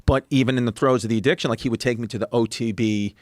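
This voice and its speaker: A man's voice: medium pitch, fairly even intonation, quick pace, dry recording, clean studio sound. A man, telling rambling, profane anecdotes as a podcast guest. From New York City. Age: 30s. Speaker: guest comedian. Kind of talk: casual podcast storytelling.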